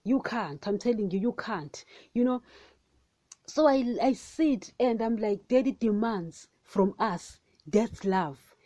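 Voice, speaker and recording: A woman hosting a devotional podcast, talking casually and excitably, often addressing listeners as guys. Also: on the high side, takes it slowly, no room sound. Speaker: podcast host.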